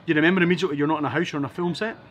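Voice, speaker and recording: A Scottish man telling his life story in a casual interview, quick and lively, acting out the people in his stories. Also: fairly high pitch. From Scotland. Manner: fast, lively storytelling with acted-out quotes.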